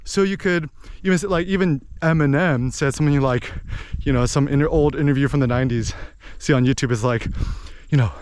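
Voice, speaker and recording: A man's voice: on the high side, fairly quick, a little mellow, no room sound. A man chatting casually and rambling, with many "like"s and "you know"s. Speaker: speaker musing on language and poetry. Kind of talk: casual chat.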